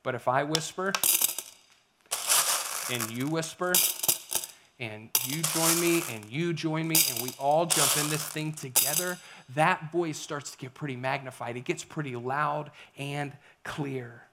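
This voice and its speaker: A middle-aged male pastor delivering a sermon, his voice sitting a little higher than most men's. He talks with animation, pushing up into loud emphasis, then dropping to a near whisper to make a point. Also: unhurried, very noisy.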